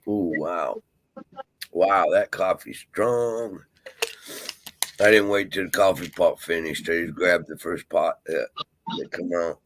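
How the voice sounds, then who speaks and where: A man's voice: deep voice, slow pace, long pauses, slight background noise, rough recording. A man rambling and swearing freely in a casual vlog monologue. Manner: profane, rambling, grumbling. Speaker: vlogger.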